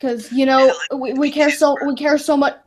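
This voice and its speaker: A woman's voice: sits high, steady tone, moderate pace. A woman co-hosting a casual group chat, talking in a sarcastic, mocking way. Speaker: podcast co-host.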